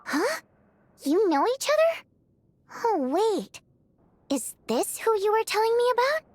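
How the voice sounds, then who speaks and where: An actress voicing a lively, chatty young female lead singer in a video game, excitable and teasing. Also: extremely high pitch, a little slow, no room sound, heavily acted.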